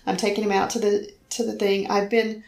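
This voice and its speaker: A woman's voice: medium pitch, flat delivery, a little fast, gravelly, a little mellow, roomy sound, poor audio. A middle-aged woman earnestly telling a personal faith story in conversation, acting out the voices she quotes. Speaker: guest telling her story.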